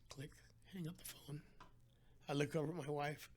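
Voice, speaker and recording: A man's voice: fairly high pitch, fairly even intonation, fairly quick, slightly rough. A middle-aged man telling his own weight-loss story in a casual interview, acting out the voices of people he quotes.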